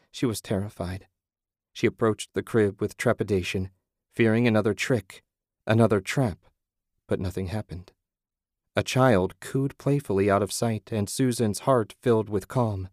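A man narrating an audiobook story in a measured, low-key way. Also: a little mellow, no room sound, clean studio sound.

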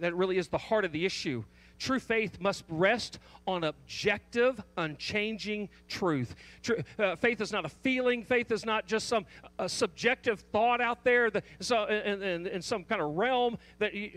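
A man with a notably high voice delivers a sermon. He leans hard on one repeated question, stressing single words and often restarting his phrases. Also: normal speed, fairly bright tone. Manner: emphatic, repeats the key question, frequent restarts. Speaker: pastor.

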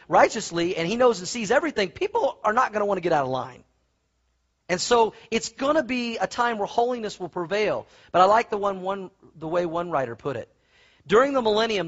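A middle-aged man preaching a sermon in a folksy, animated way, with asides and stories. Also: high voice. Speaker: pastor. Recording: muffled lo-fi sound.

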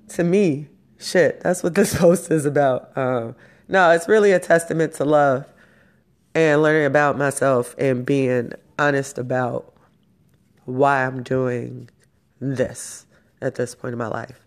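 A woman's voice: fairly low pitch, steady tone. A woman in her forties hosting her own vlog, talking through her feelings in a raw, emotional, profane way. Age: 40s. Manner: slow, profane, emotional and self-hyping. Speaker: vlog host. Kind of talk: raw personal vlog monologue.

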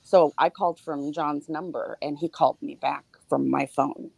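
Low-voiced middle-aged woman telling a story. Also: fairly even intonation, gravelly, a little mellow, breathy edge, no echo. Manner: personal storytelling, halting with fillers. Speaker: podcast panelist. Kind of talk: casual chat.

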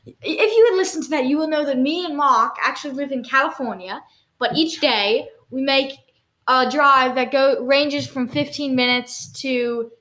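High-voiced rambling woman podcast host. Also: a bit bright, reverberant. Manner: rambling, halting, lots of fillers. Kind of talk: improvised comedy podcast chat.

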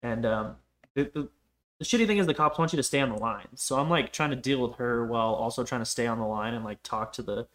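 A man's voice: medium pitch, fast talker, a bit bright. A young man on a podcast, telling a rambling personal story in a casual, profane way, full of "like" fillers. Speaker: podcast guest.

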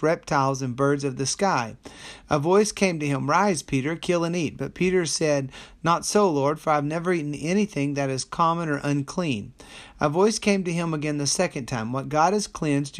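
A man who is a pastor, leading a daily Bible study: he reads scripture aloud in a steady voice and slows down to explain it. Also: fairly high pitch. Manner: steady reading with slow, deliberate commentary.

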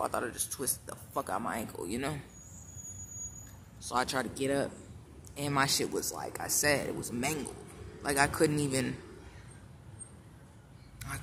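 Blunt, profane man telling a story. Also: fairly high pitch. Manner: blunt, profane, with frequent restarts and repeats. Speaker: vlogger. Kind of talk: casual personal storytelling. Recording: clear steady background noise.

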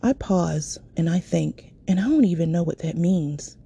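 Brief: woman storyteller, low husky voice with a gravelly edge, candid and profane. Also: expressive, moderate pace, mellow. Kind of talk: personal storytelling.

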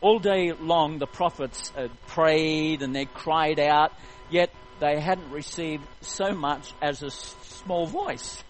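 A man preaching a sermon, retelling a story in an animated, jokey way. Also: on the high side, slow, soft background music, poor audio.

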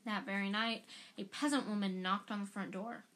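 A woman's voice: mid-range voice, fairly even intonation, normal speed, a bit bright, rough recording. A woman reading a storybook aloud, often stumbling and restarting words. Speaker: podcast storyteller.

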